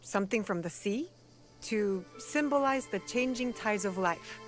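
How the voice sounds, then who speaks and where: An actress voicing a calm, thoughtful young woman companion in a video game, speaking gently and reflectively. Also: medium pitch, measured pace, faint music behind, lightly acted.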